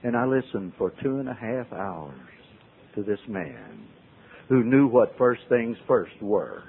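A man tells his recovery story to a meeting in a folksy way, swinging from loud to hushed. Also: on the low side, big pitch swings, slow pace, gravelly, breathy edge. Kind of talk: personal storytelling talk. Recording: tinny phone-like old tape.

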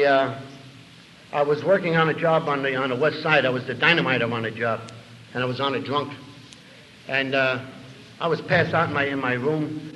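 A man's voice: medium pitch, fairly bright tone. An older man telling his own recovery story to an audience, rambling and acting out the dialogue. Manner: rambling, with repeated words and fillers. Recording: echoey hall with faint room noise.

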